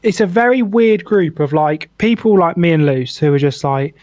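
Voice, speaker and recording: Animated young man telling a story. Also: on the high side, normal speed, no echo. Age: young adult. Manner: swears freely, animated anecdote with lots of "like". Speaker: podcast co-host. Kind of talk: casual storytelling chat.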